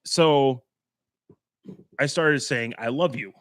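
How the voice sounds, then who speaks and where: A man's voice: medium pitch, slow, no echo, clean studio sound. A man telling stories in a casual podcast chat, laughing often and swearing freely. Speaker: podcast co-host.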